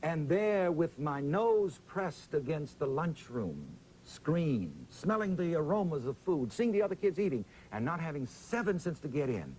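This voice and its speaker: A man, interviewed as a preacher, tells his story with a dramatic, drawn-out pulpit cadence. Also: fairly high pitch, sing-song, darkish tone, slight background noise, rough recording.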